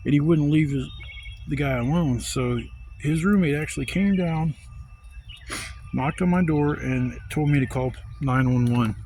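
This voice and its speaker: A man vlogging from a campsite outdoors, telling a profane, animated story and acting out other people's voices. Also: a little high, a little slow, a little hiss or hum. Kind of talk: casual storytelling rant.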